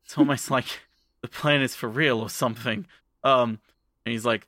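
Bright-voiced man recapping casually. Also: medium pitch, dry recording, studio quality. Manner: rambling, profane, acts out lines in quick voices. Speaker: podcast co-host.

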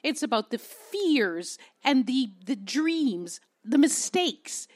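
A Canadian woman journalist telling stories on a panel, expressive, repeating words for emphasis. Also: high voice, takes it slowly. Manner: expressive, repeats words, acts out quoted voices. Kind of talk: animated storytelling on a panel.

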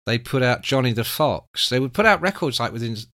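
A man, telling anecdotes as a guest, animated and swearing freely. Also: medium pitch, fairly quick, no room sound, clean studio sound. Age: 60s. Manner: animated, acts out quoted voices, swears freely. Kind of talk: casual storytelling.

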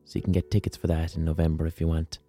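A man's voice: extremely low pitch, flat delivery, very fast, dark tone, husky, faint music behind. A man hosting a podcast in a casual monologue, swearing freely and ranting with self-mocking humour. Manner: profane, rants, self-mocking. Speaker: podcast host.

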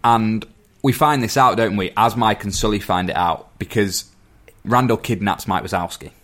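A man's voice: fairly low pitch, normal speed, fairly bright tone. A man in casual chat, recapping a film plot at length and stumbling over some words. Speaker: podcast co-host.

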